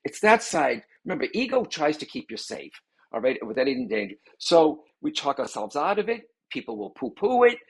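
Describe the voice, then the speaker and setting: A man, a guest on a talk show, explaining in an animated conversational way and acting out the voices he quotes. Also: on the high side, a little fast, creaky, husky. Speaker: psychic medium guest.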